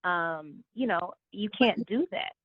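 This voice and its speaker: A woman's voice: lowish voice, animated, slow pace, no room sound. Woman on a tinny phone line. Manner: earnest, thoughtful, hesitant with fillers. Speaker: guest calling in. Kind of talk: casual chat.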